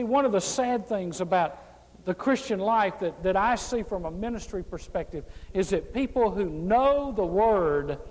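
A male pastor preaches with an emphatic, driving delivery, leaning on repeated refrains. His voice sits high for a man, and it rings out with a long reverb tail through a large hall. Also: a little mellow. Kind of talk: sermon.

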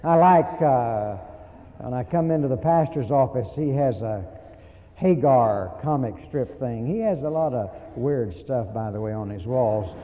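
A man preaching a sermon in an emphatic way, slowing down to stress words and asking rhetorical questions. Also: medium pitch, lively intonation. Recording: tinny lo-fi recording with long hall reverb.

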